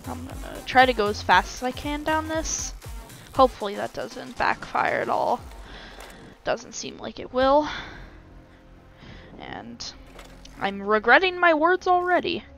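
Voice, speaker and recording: A woman's voice: high-pitched, sing-song, measured pace, vocal fry, pauses often, faint music behind, poor audio. A woman giving casual gameplay commentary, self-mocking, with frequent exclamations and sighs of relief.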